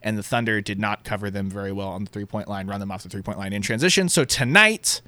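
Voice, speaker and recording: Guy doing sports analysis, bright voice, dry close mic. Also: lowish voice, quick pace, no room sound. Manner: earnest, explains at length. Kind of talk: casual sports chat.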